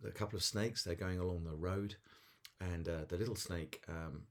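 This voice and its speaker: A man's voice: low-pitched, fairly even intonation, moderate pace. A man giving a daily devotional talk as a pastor, earnest and storytelling with small chuckles.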